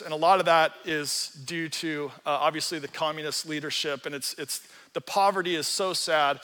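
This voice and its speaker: A man's voice: high voice, sharp tone. A man in his forties preaching a sermon as a pastor, casual and storytelling, with self-deprecating humor. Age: 40s. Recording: reverberant hall.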